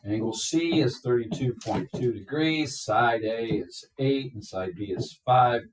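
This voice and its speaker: Slow, deliberate male math teacher. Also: mid-range voice, noisy background. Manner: slow, step-by-step, checks in with "okay?". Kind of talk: classroom lecture. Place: classroom. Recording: echoey classroom from far off.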